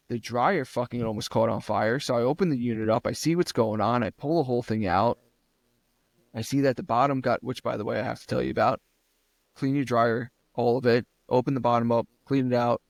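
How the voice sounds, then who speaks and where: A young adult man co-hosts a podcast, his gravelly, mid-range voice moving at a normal pace with no echo. He tells a home repair story in casual, profane chat, acting out what others said, and rants loudly when he gets worked up.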